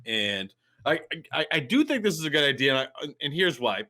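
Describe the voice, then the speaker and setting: Animated man with a bright voice. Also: on the high side, a little fast. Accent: Boston. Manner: animated, rambling, repeats words. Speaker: podcast co-host. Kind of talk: casual chat.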